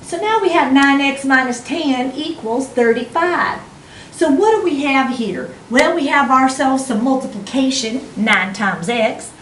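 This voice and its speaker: A woman's voice: sits high, measured pace, a bit bright, reverberant, far from the mic, slight background noise, low-quality recording. Woman putting on a folksy Southern teacher. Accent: Southern US, put on. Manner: folksy, drawling, chatty. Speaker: math teacher. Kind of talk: math lesson in a put-on accent.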